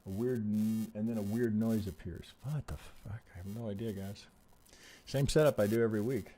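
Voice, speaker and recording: A man's voice: lowish voice, moderate pace, mellow, slight background noise. A man hosting a trading live stream, talking casually and bluntly with frequent swearing, close to a desk mic. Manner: blunt and profane, thinking aloud while troubleshooting.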